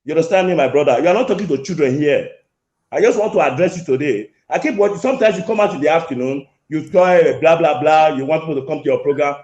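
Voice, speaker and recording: Over an echoey call-in line with the highs cut off, a man with a fairly high, darkish voice speaks quickly, hammering the same points and challenging the host in a heated argument.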